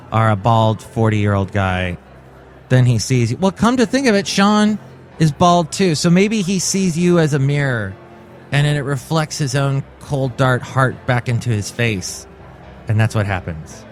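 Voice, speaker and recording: A man's voice: medium pitch, lively intonation, normal speed. A man in his forties hosting a comic solo podcast, telling stories in a wry, jokey way. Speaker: podcast host.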